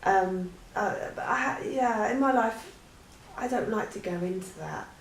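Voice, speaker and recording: A woman's voice: medium pitch, unhurried, reverberant, a little hiss or hum, rough recording. A woman answering questions in a chatty, rambling way, with many restarts. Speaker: vlogger. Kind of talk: casual Q&A chat.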